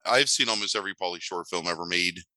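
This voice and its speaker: A man's voice: low voice, quick pace, pushed and bright, no room sound, poor audio. A man co-hosting a casual movie podcast, talking in a dry, sardonic way with frequent ums. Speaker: podcast co-host.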